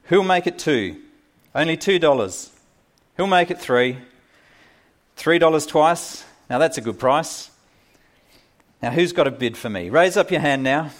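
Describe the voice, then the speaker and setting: A man voicing a brash male auctioneer who calls out bids in a loud, rapid sing-song. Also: a little high, lively intonation, voice pushed up. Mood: rousing.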